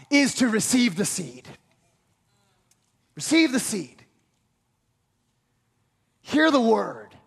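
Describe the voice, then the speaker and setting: A man preaching a sermon as pastor, emphatic and repetitive, sometimes dropping to a hushed prayerful voice. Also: extremely high pitch, gravelly.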